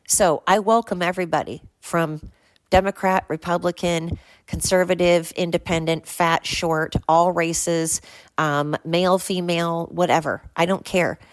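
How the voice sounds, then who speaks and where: Older woman, low voice, blunt ranting podcast host, dry close sound. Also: steady tone, measured pace, dry recording. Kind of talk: solo podcast monologue.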